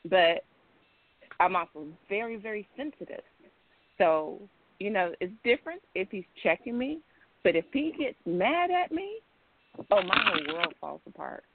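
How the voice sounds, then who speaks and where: A woman's voice: medium pitch, very animated, normal speed, no room sound. Woman on a tinny phone line. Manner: emphatic, repetitive, rambling explanation. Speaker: caller. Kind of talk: casual call-in discussion.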